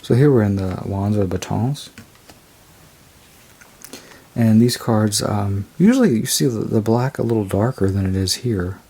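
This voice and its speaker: A man casually reviewing a tarot deck, rambling and unhurried as he describes each card. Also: fairly low pitch, lively intonation, dark tone, breathy edge. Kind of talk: casual show-and-tell review.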